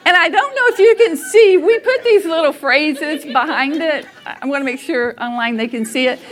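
Speaking at a moderate pace in a voice that sits high, a middle-aged woman shares a family story with a church audience. She's animated, frequently laughing as she acts out people's words.

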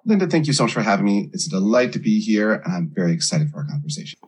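A man's voice: fairly low pitch, sing-song, racing, a little mellow, husky. A middle-aged man, a life coach, earnestly telling his own story in an interview.

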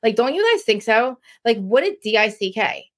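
A woman's voice: fairly high pitch, sing-song, normal speed. A woman in her forties hosting a podcast, recapping a reality show in an exasperated, ranting way with lots of filler words. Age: 40s. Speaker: podcast host. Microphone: podcast mic, live streamed.

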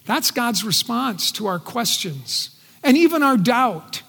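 A man preaching a sermon in earnest, his voice dropping soft and quiet when he speaks quoted words. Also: very high voice, very animated, slow, vocal fry. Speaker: pastor. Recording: long reverb in a large hall.

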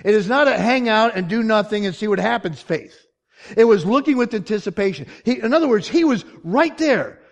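A man preaching a sermon, telling stories with lively swings from quiet asides to loud punchlines, chuckling often. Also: high-pitched, a little fast. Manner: storytelling with dramatic swings in loudness, from quiet asides to shouted punchlines. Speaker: pastor.

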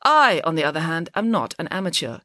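A woman's voice: low voice, very animated, fairly quick, bright, forceful tone, no echo, clean studio sound, exaggerated voice. A woman voicing a cold, commanding female spy who speaks in a clipped, threatening way in a storybook reading. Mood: menacing.

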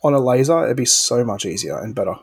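A man's voice: medium pitch, very animated, fast talker, breathy edge. A man with a non-American accent, chatting casually as a podcast co-host, often stumbling and repeating words.

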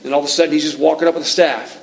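A man preaching a sermon, retelling a scripture story in an animated, conversational way with frequent restarts. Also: a little high, very fast, vocal fry, a little hiss or hum, rough recording.

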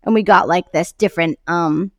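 Co-hosting a podcast, a woman chats casually and enthusiastically, laughing often. Her voice sits fairly low and moves at a moderate pace, recorded cleanly in a studio with no echo.

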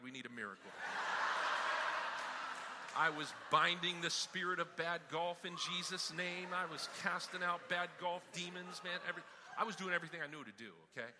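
Brief: man preaching, bright tense voice, slightly high, long hall reverb. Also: slight background noise. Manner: animated storytelling, emphatic. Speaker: pastor. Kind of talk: sermon.

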